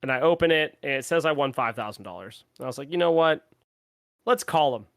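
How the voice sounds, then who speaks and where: A man's voice: mid-range voice, expressive, brisk, fairly bright tone, no echo, clean studio sound. A young man co-hosting a podcast, telling a story in casual chat and laughing as he acts out the people in it. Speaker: podcast co-host.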